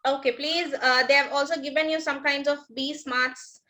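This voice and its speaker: A woman's voice: high voice, steady tone, normal speed, bright, forceful tone, rough recording. A woman teacher with an Indian English accent, giving an online class and patiently repeating each instruction with frequent "okay" and thanks.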